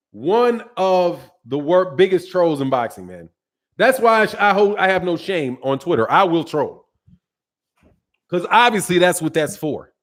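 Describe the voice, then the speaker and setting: A man with a fairly high speaking voice hosts a boxing live stream. He talks in emphatic, repetitive bursts, stressing each point twice over between viewer chat messages. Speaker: boxing channel host. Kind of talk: live-stream commentary reading viewer chats.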